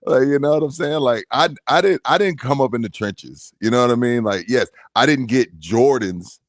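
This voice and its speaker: A man's voice: mid-range voice, normal speed, dry recording, studio quality. A man co-hosting a sports podcast, talking in a laid-back, profane way and often saying "you know what I'm saying.". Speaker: sports radio co-host. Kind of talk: casual podcast chat.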